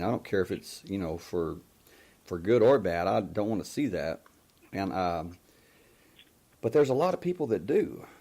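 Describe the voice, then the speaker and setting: A man recounts a strange experience slowly and haltingly, stopping often to restart his sentences. His voice sits low, and his talk drags at an unhurried pace. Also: mellow. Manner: slow, halting, many fillers and restarts. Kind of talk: casual storytelling on a live talk show.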